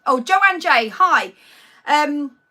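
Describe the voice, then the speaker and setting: A woman's voice: sits high, lively intonation, extremely slow, bright, forceful tone. A woman from Norfolk with a Norfolk accent, hosting a casual live stream, chatty and self-deprecating, tripping over her words as she greets viewers. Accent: Norfolk English. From Norfolk, England. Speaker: livestream host. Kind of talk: casual live chat reading out viewers' names.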